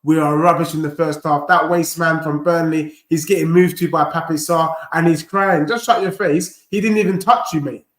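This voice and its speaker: Slangy fan reacting live. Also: male voice, on the high side, moderate pace, hardly any pauses, roomy sound. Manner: animated, slangy banter reacting to play. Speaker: fan channel host. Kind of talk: live football watchalong commentary.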